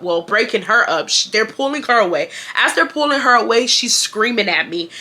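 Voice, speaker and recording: Casting: woman in her twenties, lively storyteller, fairly high, bright and forward voice. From Houston, Texas. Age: 20s. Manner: animated, acts out quotes, addresses viewers. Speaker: vlogger. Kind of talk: casual storytime.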